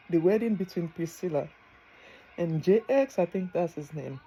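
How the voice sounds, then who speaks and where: A woman's voice: lowish voice, animated, normal speed, dark tone, breathy edge, poor audio. A middle-aged woman, tearing up as she gives earnest, preachy advice in a vlog, repeating phrases for emphasis. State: tearful. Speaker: vlogger. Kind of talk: heartfelt advice monologue.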